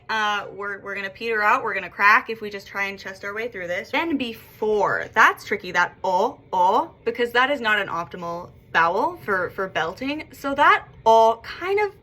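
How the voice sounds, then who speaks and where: Woman vocal coach, young adult, bright, lively explainer. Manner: explains technique then sings high belted demonstrations. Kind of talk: singing lesson with demonstrations.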